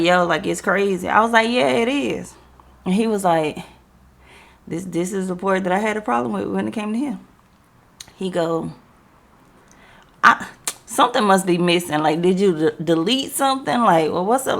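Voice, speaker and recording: A woman's voice: mid-range voice, creaky, a bit bright. A young woman hosting a podcast, telling a story in casual slangy talk and acting out the quoted dialogue. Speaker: podcast host.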